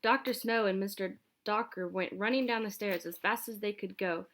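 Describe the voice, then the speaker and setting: A woman's voice: medium pitch, moderate pace, a bit bright. Woman reading a children's book aloud. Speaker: audiobook reader.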